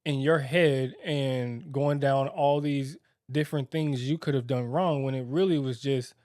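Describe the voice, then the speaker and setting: Co-hosting a podcast with his wife, a young man speaks in a steady, slightly mellow mid-range voice, recorded dry at studio quality. His candid, reflective talk is halting and heavy with fillers and restarts.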